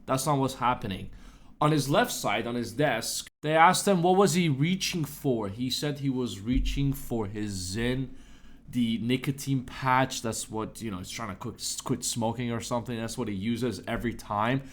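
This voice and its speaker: A man of middle pitch talks through a casual commentary rant. He is sarcastic and indignant, and his voice leaps up sharply whenever he wants to stress a point. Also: moderate pace. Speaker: commentary YouTuber.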